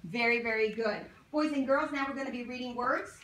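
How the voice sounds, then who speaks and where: A woman teaching a phonics lesson to young children, sounding out words slowly and asking coaxing questions. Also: on the high side. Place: classroom. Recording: roomy classroom from far off, faint noise.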